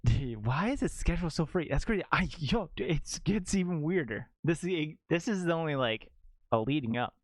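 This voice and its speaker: A man's voice: on the high side, moderate pace, no room sound, studio quality. A young adult man streaming a game, telling a rambling casual story to viewers with lots of "like" in his speech. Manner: rambling, animated, heavy use of "like".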